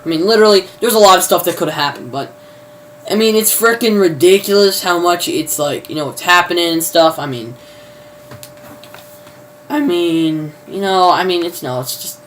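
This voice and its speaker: A man's voice: high voice, normal speed, a bit bright, a little hiss or hum. A man giving a casual, rambling plot recap, full of fillers and mild cursing. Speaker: video reviewer.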